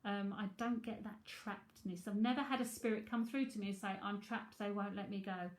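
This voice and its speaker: A woman's voice: medium pitch, steady tone, a little fast, echoey room. A middle-aged woman, a psychic tarot reader, chatting frankly and laughing often as she answers viewers. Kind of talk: casual livestream chat.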